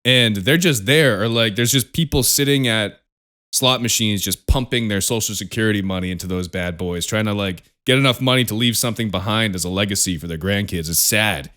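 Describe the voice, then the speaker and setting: A man's voice: on the low side, brisk, sharp tone. A young man co-hosting a podcast, chatting casually with plenty of profanity and frequent laughter. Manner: profane, ranting, laughs often. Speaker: podcast co-host. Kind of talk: casual chat.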